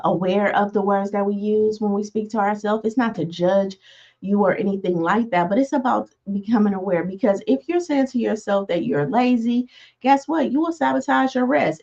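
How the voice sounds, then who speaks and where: A woman in her forties giving a self-help talk as host, in a soft tone, conversational and full of fillers and asides. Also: medium pitch, lo-fi sound. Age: 40s. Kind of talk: motivational teaching talk.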